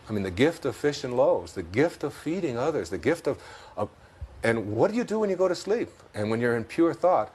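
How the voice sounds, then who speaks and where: A man's voice: mid-range voice, big pitch swings, fairly quick, few pauses, darkish tone, breathy edge. A man with a Detroit accent, a guest in an interview, talking reflectively about spiritual ideas and often laughing through his stories. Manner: thoughtful, laughs often while telling stories.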